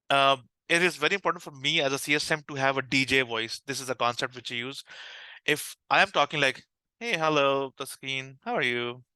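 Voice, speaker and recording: Bright, crisp man with a Pakistani accent. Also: on the high side, dry recording, low-quality recording. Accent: Pakistani English. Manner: energetic, frequent restarts and fillers. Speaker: customer success manager, podcast guest. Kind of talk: conversational interview answers.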